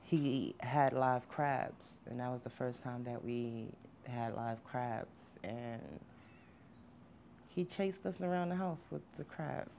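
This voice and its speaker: A woman interviewed for a documentary, speaking in a quiet, measured and steady way about her late father. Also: rumbling low, gravelly, slight background noise. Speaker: victim's daughter, interviewee. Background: soft background music.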